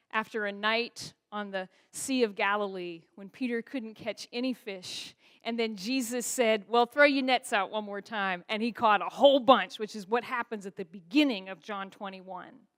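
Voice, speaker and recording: A woman's voice: medium pitch, normal speed, a bit bright. A woman pastor preaching a sermon in a church, asking the congregation rhetorical questions. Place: church sanctuary.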